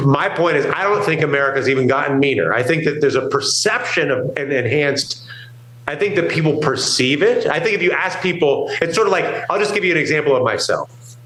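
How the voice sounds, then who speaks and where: A man's voice: medium pitch, animated, fairly quick, fairly bright tone, echoey room, low-quality recording. A man from New York co-hosting a talk show, rambling emphatically and acting out what other people say. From New York, USA. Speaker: co-host. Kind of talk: casual market talk show banter.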